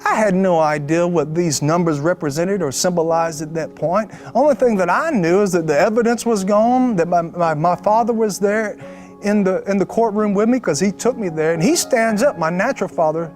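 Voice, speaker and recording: A man preaching his testimony in an animated storytelling style, acting out quotes and joking with sarcasm. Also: high-pitched, moderate pace, soft background music.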